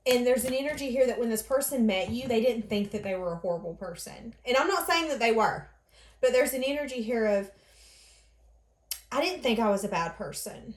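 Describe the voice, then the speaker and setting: A woman's voice: fairly high pitch, animated, brisk, roomy sound. A woman giving an earnest, emotional tarot reading, voicing other people's thoughts in the first person. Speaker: tarot reader.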